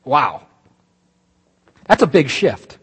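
A man preaching a sermon, animated and emphatic, breaking off into asides and restarts. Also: medium pitch, drawn-out words, slightly rough, big-room sound. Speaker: pastor.

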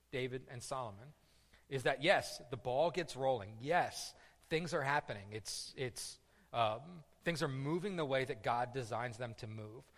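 Lively preacher man in an echoey hall. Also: fairly high pitch. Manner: lively storytelling, asks "right?" often, stumbles and restarts. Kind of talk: sermon. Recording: echoey hall with long reverb.

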